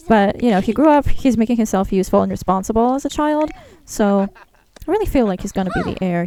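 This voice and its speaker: Gushing young woman with vocal fry. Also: medium pitch. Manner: gushing, excitable, chatty. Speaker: gaming channel host. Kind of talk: let's-play commentary.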